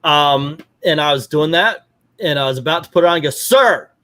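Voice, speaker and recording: A middle-aged man tells a story in a casual chat, his voice sitting a little high. He acts out the lines of the people he talks about and keeps the story moving. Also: brisk. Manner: animated storyteller, acts out quotes. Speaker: podcast host.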